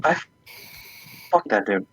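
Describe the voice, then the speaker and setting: A man's voice: slow, a bit bright, a little hiss or hum. A man playing a tabletop game, laid-back, with dry short remarks. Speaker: player. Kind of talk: casual chat.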